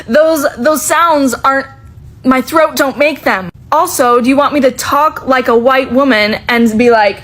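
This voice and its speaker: A woman's voice: high voice, unhurried, fairly bright tone, poor audio. A woman talking casually to camera, exasperated and blunt, swearing freely.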